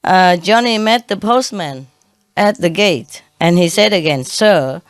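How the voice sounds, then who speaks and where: A woman's voice: lowish voice, animated, measured pace, no room sound. A woman preacher telling jokes to her congregation, often laughing at her own punchlines. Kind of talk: humorous talk to a congregation. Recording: noisy recording.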